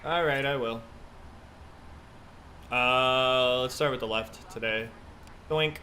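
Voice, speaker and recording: Man, casual streamer, chatty, talks through checklists, mid pitch, faint hum behind. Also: takes it slowly, sharp tone. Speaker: flight sim streamer. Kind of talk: casual live-stream commentary.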